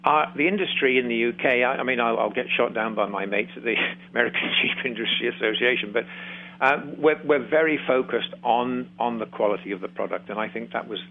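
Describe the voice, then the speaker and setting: A man's voice: mid-range voice, a little fast, gravelly. English man on a tinny phone line. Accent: English, West Midlands (Shropshire). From England. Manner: hesitant, many ums and restarts, jokey. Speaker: guest, former sheep farmer. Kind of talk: casual radio interview. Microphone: remote phone line.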